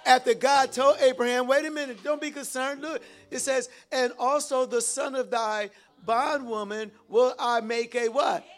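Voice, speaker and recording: A man's voice: very high voice, steady tone, moderate pace, hardly any pauses, fairly bright tone. A man preaching a sermon, reading scripture and calling out to the congregation for responses. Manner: exhorting, calls out to the congregation.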